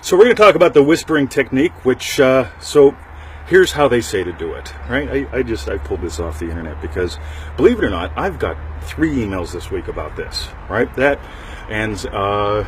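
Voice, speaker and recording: A man's voice: medium pitch, lively intonation, brisk, slight background noise. A middle-aged man hosting a casual talk show, rambling and joking with frequent asides to his listeners. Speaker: podcast host.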